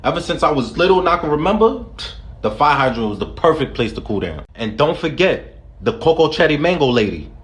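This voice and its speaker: A young man from the Bronx talks with a strong New York accent and a brash, joking delivery, leaning hard on street slang. His voice sits slightly higher than most men's. The sound carries a noticeable room echo. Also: big pitch swings, brisk. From New York City, the Bronx. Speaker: vlogger host. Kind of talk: comedic vlog skits.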